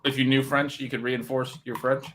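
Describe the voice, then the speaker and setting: A man co-hosting a live stream, teasing and asking quick questions in casual chat. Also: medium pitch, level tone, fairly bright tone, a little hiss or hum. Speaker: stream co-host.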